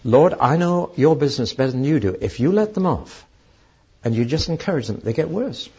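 An indignant, stubborn prophet, as a preacher acts him out scolds and argues, his raspy voice pushed higher and swinging widely in pitch. The recording is dull and lo-fi. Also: animated, fairly quick, mellow. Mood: smug. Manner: exasperated, lecturing God.

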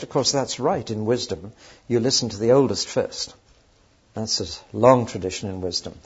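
A man's voice: medium pitch, darkish tone, husky. A man teaching on a Bible passage in a conversational way, often putting questions to his listeners. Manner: conversational, asks the audience questions. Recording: dull lo-fi recording.

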